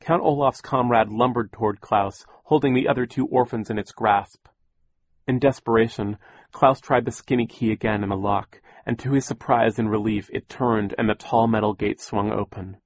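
A man narrating an audiobook in a measured, wry storytelling manner. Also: on the low side, no room sound. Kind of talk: scripted narration.

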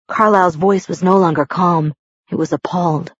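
A woman with a husky voice reading a first-person novel aloud, voicing the dialogue as she goes. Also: lowish voice, steady tone, normal speed, no echo. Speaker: audiobook reader. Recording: dull lo-fi recording.

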